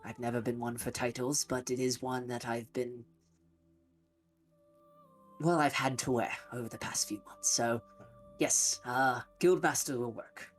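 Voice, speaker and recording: A man voicing an earnest, weary guild master character in a tabletop game, formal and halting, with faint music behind. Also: mid-range voice, fairly even intonation, natural voice.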